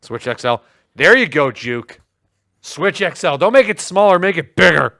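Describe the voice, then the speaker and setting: Animated male co-host, jokey promo reads, dry booth sound. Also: fairly high pitch, moderate pace, gravelly, dry recording. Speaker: livestream co-host. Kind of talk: casual tech chat.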